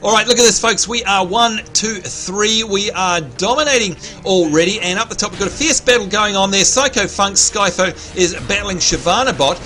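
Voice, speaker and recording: A man's voice: high voice, normal speed, hardly any pauses, bright, forceful tone, soft background music. An Australian man hosting a livestream and giving upbeat play-by-play commentary on a match he is playing, chatting to his viewers. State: slightly hoarse, clearing his throat. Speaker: livestream host and game commentator. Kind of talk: live gameplay commentary.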